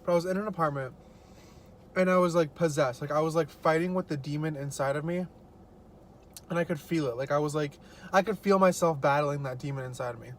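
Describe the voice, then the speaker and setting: A man's voice: a little high, a little fast, a little hiss or hum. A young man vlogging casually as he eats, telling stories in a chatty way with lots of fillers. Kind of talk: casual mukbang chat.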